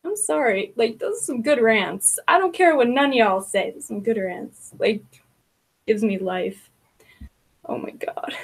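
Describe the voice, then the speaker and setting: A woman's voice: on the high side, lively intonation, measured pace, vocal fry, husky. A woman hosting a casual livestream, rambling about online gossip with frequent laughter, swearing and filler words.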